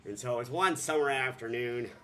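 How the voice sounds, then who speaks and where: A man from Vermont telling a story on his vlog, joking and sarcastic, sometimes breaking into squealing high voices. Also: a little fast, sharp tone, slight background noise. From Vermont, USA. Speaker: vlogger. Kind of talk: casual comic storytelling.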